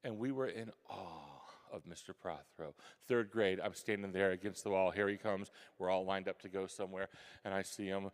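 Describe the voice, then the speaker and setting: Brief: lower-voiced man, lively storyteller at a school event, long hall reverb. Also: brisk. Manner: animated storyteller, acting out his younger self with gasps and whispers. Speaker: guest author speaking to a school. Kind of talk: storytelling talk to students.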